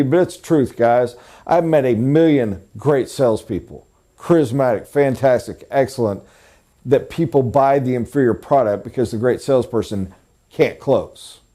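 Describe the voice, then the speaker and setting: A middle-aged man giving a live sales training lecture, emphatic and animated, jumping up in pitch to stress points. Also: moderate pace.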